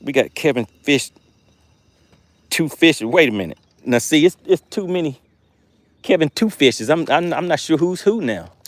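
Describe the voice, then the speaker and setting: A man hosts a fishing livestream from a boat on a lake. His voice swings widely in pitch as he jokes and cheers over his catches. The sound is dry, with no room echo, and the mic is sometimes held away. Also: animated, normal speed. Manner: playful, hypes catches with made-up words, reads viewer comments aloud. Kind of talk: live-streamed fishing commentary, reading chat.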